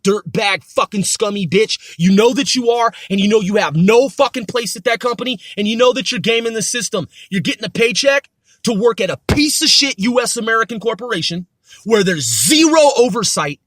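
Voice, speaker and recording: A man with a very high, sharp voice rants furiously on his podcast. He swears constantly and repeats his insults. The sound is dry and close, with no room. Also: no room sound. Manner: profane, ranting, repetitive insults. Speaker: podcast host. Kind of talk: angry monologue rant.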